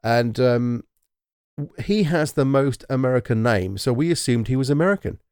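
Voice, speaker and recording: A man's voice: medium pitch, lively intonation, moderate pace, darkish tone, clear, resonant tone, no echo, clean studio sound. A man who grew up in Britain, chatting casually as a podcast co-host, rambling through asides and laughing often. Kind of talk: casual chat.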